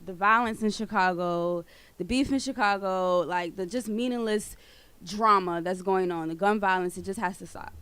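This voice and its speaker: A woman's voice: mid-range voice, normal speed, a bit bright, smooth, no room sound. Bantering radio co-host woman, dry mic. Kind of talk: casual radio chat.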